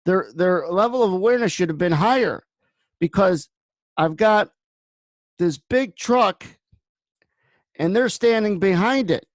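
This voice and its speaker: A man's voice: sits high, animated, a little slow, pauses often, no echo. A man hosting a trading room, giving blunt market commentary that wanders into personal stories. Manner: blunt, rambling storyteller.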